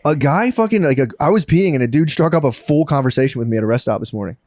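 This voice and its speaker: A man's voice: a little high, lively intonation, quick pace, a little mellow, dry recording. A man co-hosting a podcast, telling rambling stories full of swearing and acted-out voices. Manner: rambling storyteller, acts out voices, swears a lot. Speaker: podcast co-host. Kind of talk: casual podcast chat.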